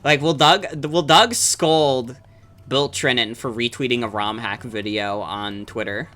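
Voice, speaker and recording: A streamer playing the game and chatting over a voice call, animated and teasing. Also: mid-range voice, measured pace, soft background music. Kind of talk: casual group chat over a voice call.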